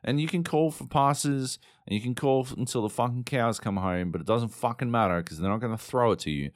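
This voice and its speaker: A man's voice: mid-range voice, fairly quick, no room sound, clean studio sound. A man hosting a solo gaming podcast, ranting casually with lots of swearing and fillers. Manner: sweary, exasperated, rambling with many fillers. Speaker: podcast host. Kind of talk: casual solo podcast rant about games.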